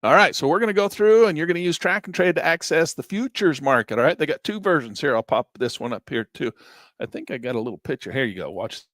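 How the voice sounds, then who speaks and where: A man walks students through a live trading class in a folksy, animated way, putting on quick voices for traders. His pitch swings widely as he talks. The sound is dry and close, with no room around it. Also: no echo. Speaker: trading instructor.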